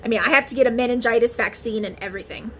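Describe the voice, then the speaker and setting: A woman's voice: fairly high pitch, rapid-fire, a bit bright, a little hiss or hum. A woman vlogger talking casually to camera in a chatty, emotional way, with many fillers and restarts. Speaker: beauty vlogger.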